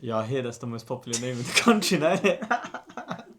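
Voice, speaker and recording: A man's voice: medium pitch, animated, rapid-fire, a crowd in the background. A young man from outer co-hosting a podcast in casual, slangy chat, laughing often. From England. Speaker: podcast co-host.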